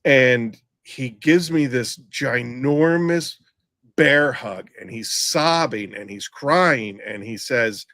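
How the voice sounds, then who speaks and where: A man's voice: mid-range voice, slow, fairly bright tone, no echo. A middle-aged man, a former EMT, telling a blunt story in casual podcast chat, rambling with many restarts. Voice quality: rambling, frequent restarts and fillers.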